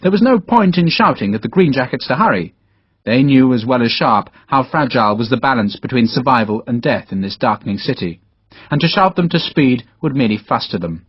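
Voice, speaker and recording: Male narrator, dramatic reading, expressive pitch, muffled dry lo-fi recording. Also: brisk, slightly rough, no echo. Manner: dramatic storytelling, voices all characters. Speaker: audiobook narrator. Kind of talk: scripted narration. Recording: dull, dry lo-fi audiobook recording.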